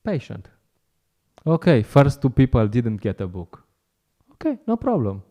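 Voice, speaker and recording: A man speaks in a very dark, mellow voice. His talk to a temple class is loose and conversational. He laughs often and acts out his encounters with strangers. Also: mid-range voice, sing-song, unhurried. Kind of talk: informal talk.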